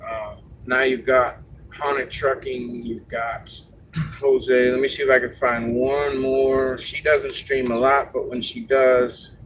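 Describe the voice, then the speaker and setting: A man with a medium-pitched voice talks casually on his live stream. He rambles a bit and pauses with fillers as he gives advice to viewers. Faint background noise sits under the voice. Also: flat delivery.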